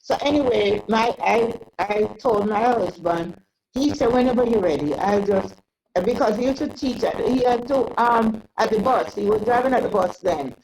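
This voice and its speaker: An older woman telling a long personal story in an interview, rambling and halting with many restarts. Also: on the high side, a little mellow, low-quality recording. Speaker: interview guest. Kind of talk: casual storytelling.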